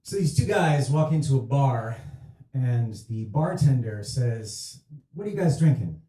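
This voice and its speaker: An actor playing an awkward male horror writer doing stand-up, telling a joke in a halting, deadpan way on a small theatre stage. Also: medium pitch, natural voice. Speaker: stand-up comedian. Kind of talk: stage play, stand-up routine. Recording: echoey theatre room.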